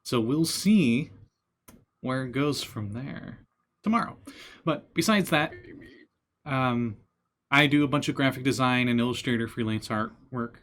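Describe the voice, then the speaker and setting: A man's voice: medium pitch, measured pace, a bit bright. A man who runs tabletop games, chatting casually and rambling with fillers and laughs. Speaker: game master and streamer. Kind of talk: casual chat.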